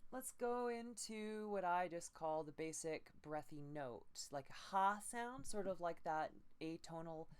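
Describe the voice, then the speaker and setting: Low-ish woman voice coach, talks real slow, walks you through breathy warmups. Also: lively intonation. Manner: slow, gentle step-by-step instruction with breathy demo sounds. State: low energy. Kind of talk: guided voice training exercises.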